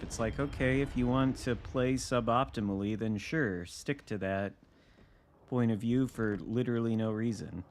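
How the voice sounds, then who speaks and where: A man with a fairly low voice gives loose, wry live commentary while he plays, musing aloud between moves. A faint hum of ambience sits under his desk mic. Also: normal speed. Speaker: game streamer. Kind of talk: casual live gameplay commentary.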